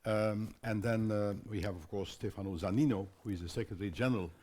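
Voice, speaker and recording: An older man moderating a conference panel in a halting way, with frequent fillers and restarts. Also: fairly low pitch, darkish tone.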